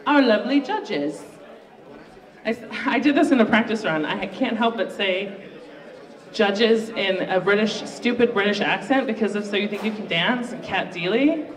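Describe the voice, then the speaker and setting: A host running a live student pitch contest in a university library event room. The host is chatty and upbeat and pokes fun at their own slip-ups. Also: recorded from a distance. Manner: upbeat, chatty, self-mocking. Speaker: game show host. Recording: roomy, echoey room recorded from afar.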